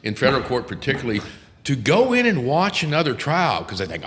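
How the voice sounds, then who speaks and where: An older man, a criminal defense attorney hosting a podcast, telling courtroom stories in a profane, animated way. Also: medium pitch, quick pace, hardly any pauses, big-room sound, a little hiss or hum. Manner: profane, animated storyteller who acts out courtroom voices. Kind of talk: casual storytelling chat.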